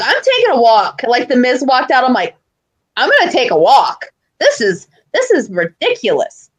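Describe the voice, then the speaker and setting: A young woman co-hosting a podcast, telling stories in an animated way with loud outbursts and lots of swearing. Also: high-pitched, normal speed, husky. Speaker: podcast co-host. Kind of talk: casual chat.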